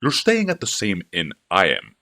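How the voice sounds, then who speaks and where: A man doing a gruff, bearded older scholar. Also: deep voice, huge pitch swings, normal speed, bright, forceful tone, exaggerated voice.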